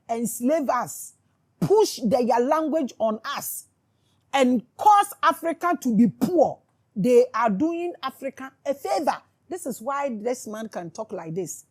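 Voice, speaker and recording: A woman's voice: high voice, darkish tone, husky. A woman speaks to her viewers as a spiritual commentator, in a fervent, sarcastic monologue full of repeated questions. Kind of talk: impassioned monologue to camera.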